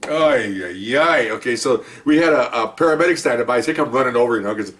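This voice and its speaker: Older man telling cop stories fast. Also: mid-range voice, recorded from a distance. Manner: animated, chuckling, talks in fits and starts. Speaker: retired police officer storyteller. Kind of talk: casual anecdote telling.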